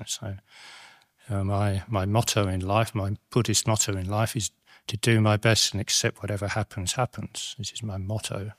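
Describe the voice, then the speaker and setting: A middle-aged man giving a Dhamma talk as a Buddhist monastic teacher, reflective and halting, with many restarts and tag questions. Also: lowish voice, dry recording, studio quality.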